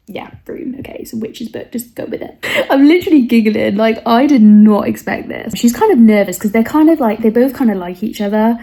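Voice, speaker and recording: A young Englishwoman talking in a loose, rambling vlog chat, her voice sitting a little high for a woman. A slight huskiness from a cold roughens it, and she keeps turning to the viewer with self-mocking asides. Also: dark tone. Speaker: book vlogger. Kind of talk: casual chatty vlog talk.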